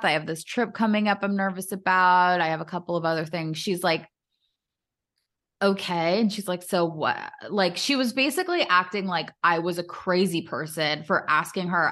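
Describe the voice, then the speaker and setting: Animated woman telling a story. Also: on the low side. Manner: animated storyteller, quick, acts out quotes with laughs. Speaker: podcast co-host. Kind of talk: casual chat.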